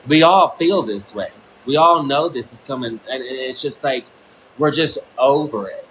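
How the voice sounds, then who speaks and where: A man in his thirties talks straight to his livestream in a bright, forceful voice, rambling and profane, tripping over his own restarts. His pitch sits in an ordinary middle range. A faint room hum sits under the recording. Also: normal speed, low-quality recording. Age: 30s. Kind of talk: casual livestream monologue. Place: indoor room.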